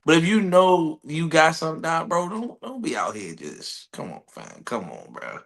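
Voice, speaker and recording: Laid back podcast dude, kinda high voice, keeps restarting. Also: male voice, very animated, moderate pace, gravelly. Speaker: podcast co-host. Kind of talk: casual chat.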